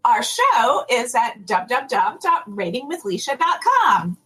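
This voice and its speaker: A woman's voice: a little high, sing-song, measured pace, fairly bright tone, husky, faint music behind. A woman guest on a casual podcast, outspoken and emphatic. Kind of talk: casual chat.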